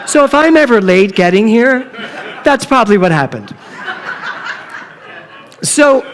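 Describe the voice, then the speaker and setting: Animated male minister in a reverberant hall. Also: high voice. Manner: animated, playful, acts out dialogue. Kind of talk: sermon with humorous story. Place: church sanctuary.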